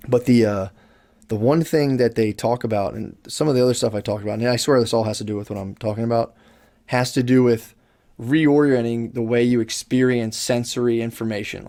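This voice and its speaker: A man's voice: mid-range voice, a little mellow. A young man co-hosting a podcast in casual chat, talking in long, looping sentences full of "like", restarts and swearing. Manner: rambling, swears freely, many restarts and "like". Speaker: podcast co-host. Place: podcast studio.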